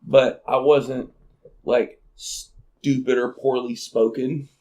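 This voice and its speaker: A man from Arkansas with a Southern accent, co-hosting a casual podcast chat, animated and laughing often. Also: mid-range voice, slow pace. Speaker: podcast co-host.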